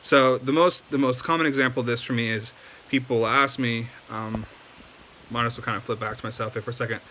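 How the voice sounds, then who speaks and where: A man's voice: mid-range voice, fairly even intonation, fairly quick, sharp tone. Chatty man teaching casually. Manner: loose and chatty, many ums and likes. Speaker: language teacher. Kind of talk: casual video lesson.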